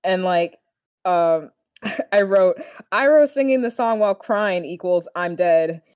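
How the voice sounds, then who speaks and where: A young woman recapping a TV episode in casual chat, laughing often and gushing with animated delight. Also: fairly low pitch, takes it slowly, clear, resonant tone, dry recording, studio quality.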